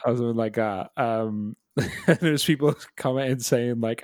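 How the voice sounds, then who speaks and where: A man's voice: mid-range voice, normal speed, no room sound. A man chatting on a podcast, laughing often and swearing freely as he tells funny stories. His voice sounds close and dry, with no room around it. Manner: laughing, swearing, animated storytelling. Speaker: podcast co-host. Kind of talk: casual chat.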